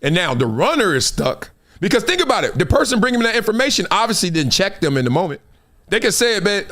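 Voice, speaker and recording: A man in his fifties hosting a talk show, telling stories in a casual, animated way and acting out other people's lines. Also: high-pitched, fast talker. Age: 50s. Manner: animated storytelling, acts out quoted voices, frequent laughs. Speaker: show host.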